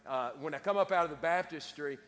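A man's voice: on the high side, quick pace, fairly bright tone. A middle-aged man, preaching a sermon with casual, self-deprecating asides to his congregation. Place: church sanctuary. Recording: long church reverb.

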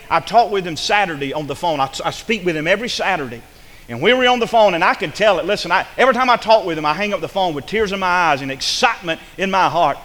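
Fervent preacher in a reverberant hall. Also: male voice, sits high, a bit bright. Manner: fervent preaching with repeated phrases and restarts. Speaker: pastor. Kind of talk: sermon.

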